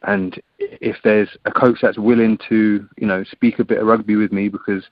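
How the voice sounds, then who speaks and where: A man's voice: fairly low pitch, expressive, moderate pace, gravelly, no echo, dull audio. An English man and rugby player talking as a guest in a casual chat, laid-back, often saying "man". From England. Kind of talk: casual interview over a phone line. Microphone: phone or call line.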